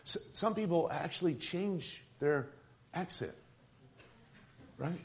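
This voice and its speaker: Guy preaching casually, cracking jokes, voice sits a bit high for a man. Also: slow pace, creaky, long pauses. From Tucson, Arizona. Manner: conversational, joking asides. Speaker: pastor. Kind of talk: sermon.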